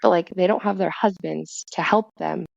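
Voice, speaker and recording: A woman guest in a casual podcast chat, telling stories with lively asides. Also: lowish voice, moderate pace, creaky, dry recording. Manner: chatty storyteller, lively asides. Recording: dull, dry lo-fi sound.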